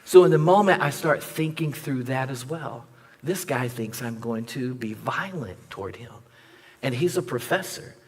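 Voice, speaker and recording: A young male pastor delivering a sermon in a church, telling a story with animated energy and acting out the voices of the people in it. His voice sits at an ordinary middle pitch and carries a long reverb from the sanctuary. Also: moderate pace. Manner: animated storyteller acting out dialogue, jokes with the audience.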